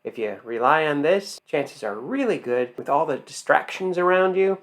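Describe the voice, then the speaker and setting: A man's voice: fairly high pitch, lively intonation, normal speed, a bit bright, slight background noise. A man teaching as an acting coach, emphatic, asking rhetorical questions and answering them himself. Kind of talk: instructional talk to camera.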